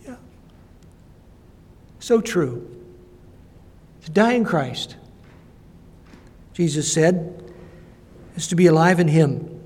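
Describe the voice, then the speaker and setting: An older man delivers a sermon as a missionary preacher, his voice husky and mellow yet fairly high for a man. He tells stories in a halting, reflective way, and a long hall reverb trails each phrase. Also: expressive.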